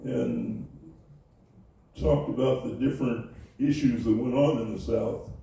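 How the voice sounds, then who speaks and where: An older man recalling his Navy years in an oral history interview, speaking haltingly with many fillers and restarts. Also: medium pitch, big pitch swings, warm tone. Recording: echoey room, voice from far off.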